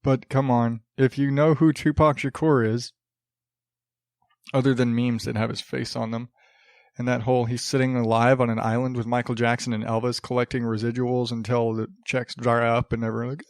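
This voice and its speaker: A man in a home studio hosts his podcast at an unhurried, drawn-out pace. His delivery is sarcastic and rambling, full of restarts and little laughs. The sound is close and dry, with no room around it. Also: mid-range voice, steady tone, dry recording. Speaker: podcast host. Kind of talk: casual solo podcast monologue. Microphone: studio podcast mic.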